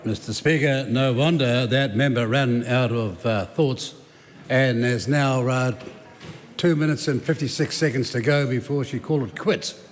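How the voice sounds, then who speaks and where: Here a New Zealand government minister talks at a medium pitch and a slightly slow pace. He is combative and sarcastic in a parliamentary debate, and his words echo around the spacious chamber.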